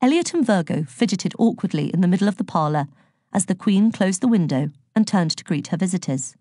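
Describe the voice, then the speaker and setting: A woman's voice: fairly low pitch, lively intonation, a little fast, warm tone, dry recording, clean studio sound. A woman narrating a children's storybook aloud, reading expressively and giving each character a voice. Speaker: audiobook narrator.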